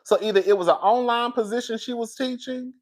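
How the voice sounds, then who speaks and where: A woman talking casually to her viewers on a live stream, reading their comments and getting loud and excited when she is worked up. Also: fairly quick. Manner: animated, swings high and loud when worked up.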